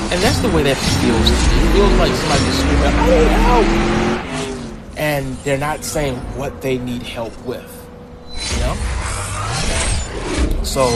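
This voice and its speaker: A man's voice: on the high side, very noisy. An older man casually commenting while he streams a mobile racing game, rambling with lots of ums and restarts. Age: older adult.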